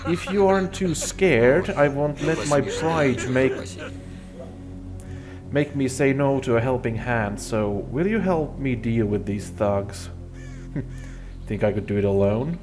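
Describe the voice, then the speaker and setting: A man's voice: medium pitch, slow, music in the background. A man reading as a weary camp leader. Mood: plain. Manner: flat reading of game dialogue.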